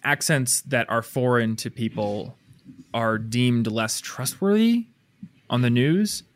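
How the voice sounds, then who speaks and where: A man's voice: mid-range voice, lively intonation, slow. A man co-hosting a podcast, chatting casually, telling anecdotes and laughing easily. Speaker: podcast co-host. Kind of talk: casual chat.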